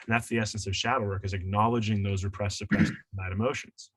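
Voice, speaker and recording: A man's voice: lowish voice, fairly even intonation, quick pace. A man coaching and teaching in an interview, emphatic and preachy, repeating his key points. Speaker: shadow work coach and author.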